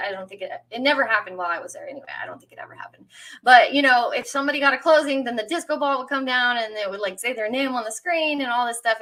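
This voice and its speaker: A woman's voice: fairly high pitch, pushed and bright. A woman presenting to a business audience, chatty and upbeat, with frequent fillers and small laughs. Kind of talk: conference session talk.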